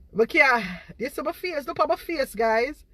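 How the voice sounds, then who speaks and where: A woman's voice: on the high side, a bit bright, breathy edge, no echo. A woman, a home baker, ranting to her viewers on a live stream, exasperated and repeating herself. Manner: exasperated, repetitive, talks straight to viewers. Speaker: home baker and online seller.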